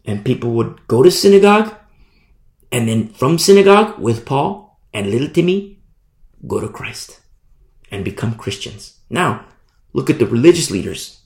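A man preaching a sermon, animated storytelling that acts out the people in it. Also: a little high, roomy sound. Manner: animated storytelling, acting out voices.

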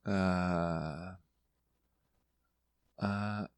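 A man talking casually on a podcast, loud, rambling and full of swearing. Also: sits low, steady tone, very slow, noisy background. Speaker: podcast guest. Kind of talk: casual monologue.

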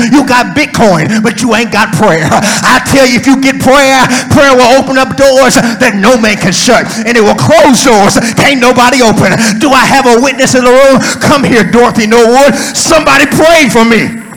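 High bright-voiced preacher man. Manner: rhythmic call-and-response preaching with repeated refrains, rising to shouts. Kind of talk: sermon.

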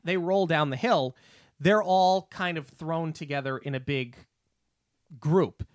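A man's voice: on the high side, unhurried, no room sound, studio quality. A man co-hosting a casual podcast who retells scenes with enthusiasm. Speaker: podcast co-host. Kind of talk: casual film discussion.

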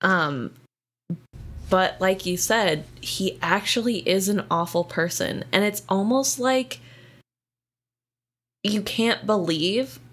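A woman's voice: medium pitch, slow, long pauses. A woman co-hosting a casual book discussion podcast, thoughtful and conversational, with "um" and "like" fillers. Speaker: podcast co-host.

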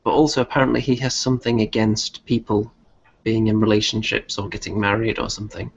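A man's voice: lowish voice, flat delivery, brisk, gravelly, breathy edge. A man from Europe co-hosting a casual wrestling chat, making dry, wry remarks. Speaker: podcast co-host. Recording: dull lo-fi audio with faint background noise.

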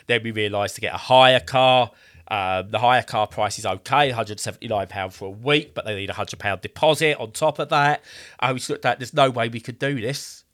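A man's voice: medium pitch, a bit bright. A man in his thirties telling a rambling story in a casual way, acting out the voices he quotes.

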